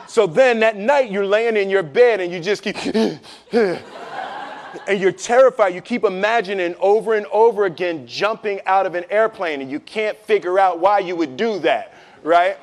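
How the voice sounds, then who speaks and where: A man's voice: sits high, moderate pace, a little hiss or hum. A man in his fifties, a guest in an interview, telling a story with energy, laughing often, acting out scenes and tagging lines with "right?". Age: 50s. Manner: frequent "right?" and repeated restarts. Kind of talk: animated conversational storytelling. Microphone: stands up while talking.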